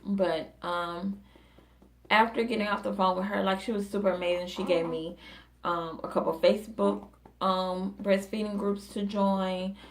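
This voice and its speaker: A woman's voice: mid-range voice, flat delivery, unhurried, a little hiss or hum. A young woman, a new mother, telling a personal story in a chatty way with many fillers and restarts.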